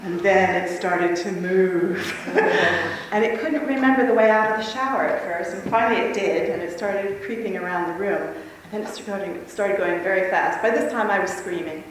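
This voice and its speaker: A woman speaker tells a lively, laughing story to a conference audience. Her voice rings through a big echoey hall, picked up from a distance. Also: mid-range voice, moderate pace, slight background noise. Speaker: convention speaker. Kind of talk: talk to a live audience.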